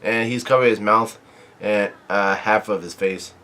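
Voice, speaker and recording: A man's voice: lowish voice, fairly even intonation, a little slow, bright, forceful tone, a little hiss or hum. A man casually recapping a comic chapter, reading the panels aloud and rambling with lots of fillers and restarts. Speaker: manga chapter reviewer.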